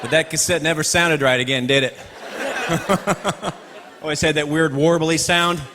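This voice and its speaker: A man performing a stand-up comedy routine, animated and quick to slip into voices. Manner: animated, breaks into falsetto singing and voices. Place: large theater before a laughing audience. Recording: live hall recording with crowd noise.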